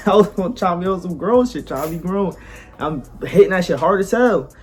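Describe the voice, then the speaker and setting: A man's voice: high-pitched, expressive, normal speed, faint music behind. Young man telling a laid-back story. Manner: laid-back slangy storytelling, often laughing. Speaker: podcast co-host. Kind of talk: casual storytelling chat.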